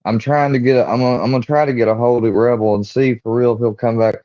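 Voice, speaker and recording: A man hosting a live-stream panel, trying to calm a heated argument with halting, placating words. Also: mid-range voice, dry recording, muffled recording. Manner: halting, placating, repeats "hold on" and "well". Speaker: livestream host.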